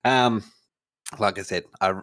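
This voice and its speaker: A man's voice: on the low side, slow pace, fairly bright tone. A man co-hosting a casual podcast, teasing his co-host and laughing often.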